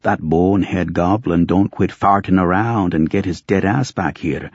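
A man's voice: sits low, normal speed, husky, no echo, lo-fi sound. A man doing a snarling, foul-mouthed old wizard. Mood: griping. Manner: snarling, barking threats.

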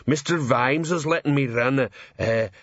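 Slow-witted male troll sergeant, proud and ungrammatical, voiced by a male reader; slightly dull, dry sound. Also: mid-range voice, no room sound, natural voice. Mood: earnest.

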